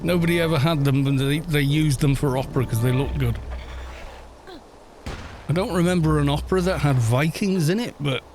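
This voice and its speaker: A man's voice: on the high side, normal speed, darkish tone, a little hiss or hum. A man hosting a gaming channel, chatting wryly and rambling through asides while he plays an online game. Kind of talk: casual commentary while playing an online game.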